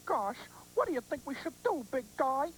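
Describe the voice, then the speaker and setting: A woman's voice: sits high, very animated, normal speed, slight background noise, low-quality recording. A woman voicing Lionel, a fretful but friendly young circus lion on a children's TV show, who stammers when he gets nervous.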